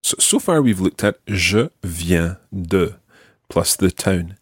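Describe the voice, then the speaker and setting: Male French tutor, husky lower voice, very animated intonation, patient and clear. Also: dry recording, studio quality. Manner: patient, models phrases slowly and clearly. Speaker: French teacher. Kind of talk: language lesson with a learner.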